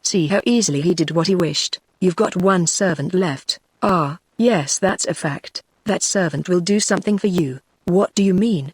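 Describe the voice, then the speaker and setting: A text-to-speech voice of a woman with a British accent, reading a novel aloud in an even, measured way. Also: fairly low pitch, slightly rough. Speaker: audiobook narrator.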